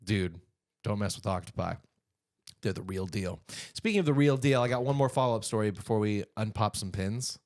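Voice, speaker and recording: A man's voice: on the low side, fairly quick. A man co-hosting a comedy podcast, chatting casually and joking, with frequent playful asides. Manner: animated, jokey, slips into silly impressions. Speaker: podcast co-host.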